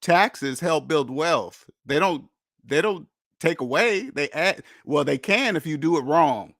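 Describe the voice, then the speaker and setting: Host, male, slightly high voice, blunt lecturing delivery, dry close recording. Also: expressive, measured pace, fairly bright tone, no echo. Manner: blunt, lecturing, repeats points for emphasis. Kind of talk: casual monologue.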